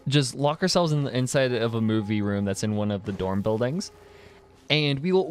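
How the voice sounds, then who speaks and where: A young man streams a game and chats casually with his viewers, reading chat and rambling, with frequent laughter, fillers and restarts. His voice is medium-pitched at a moderate pace, with faint music behind him.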